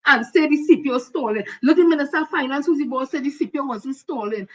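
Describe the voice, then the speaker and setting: A woman's voice: sits high, lo-fi sound. An older woman with a Trinidadian accent, hosting blunt, heated political commentary. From Trinidad and Tobago. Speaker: host.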